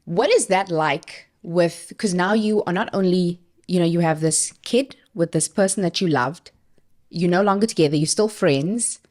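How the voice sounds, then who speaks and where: A woman hosting a podcast interview, asking follow-up questions in a relaxed conversational way and laughing often. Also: fairly low pitch, moderate pace. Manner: warm follow-up questions with frequent light laughter. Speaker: podcast host.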